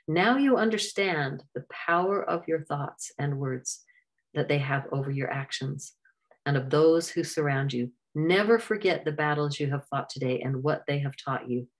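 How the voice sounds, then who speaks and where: A woman's voice: sits low, unhurried, rough recording. A woman doing a solemn wise forest creature. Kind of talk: storybook narration.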